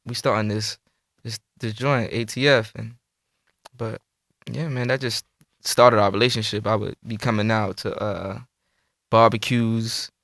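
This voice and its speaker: Low-voiced laid-back New rapper. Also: male voice, unhurried, no room sound, clean studio sound. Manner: relaxed, laid-back recounting with slang. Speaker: rapper and producer guest. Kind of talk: casual interview chat.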